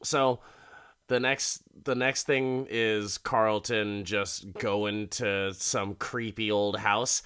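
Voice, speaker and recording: A man casually retelling a TV episode in an animated, crude and profane way, laughing often. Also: fairly low pitch, very slow, clean tone.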